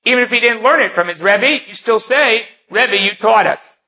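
In a dull, lo-fi recording, a man with a high-pitched, sharp voice teaches a Talmud lesson at normal speed. He reads the Hebrew and Aramaic text aloud, then explains it in English.

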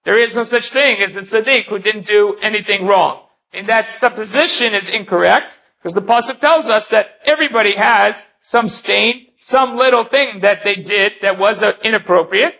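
Here a man teaching Talmud speaks in a creaky, high, sharp-toned voice at an ordinary pace with few pauses. He reads the Hebrew and Aramaic aloud before explaining it in English, and the lo-fi recording sounds dull.

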